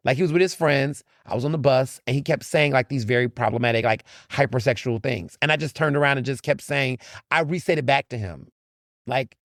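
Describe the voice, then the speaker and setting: A man hosting his own podcast, talking in a blunt, animated, often profane monologue with laughs. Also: on the high side, vocal fry, no room sound, clean studio sound. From United States. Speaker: podcast host. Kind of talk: casual opinion monologue.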